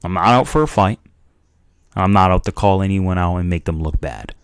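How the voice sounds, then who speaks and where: A man's voice: low-pitched, moderate pace, clean tone, no echo, studio quality. A young man giving casual, joking live commentary as a streamer reacting to a video. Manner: animated and joking.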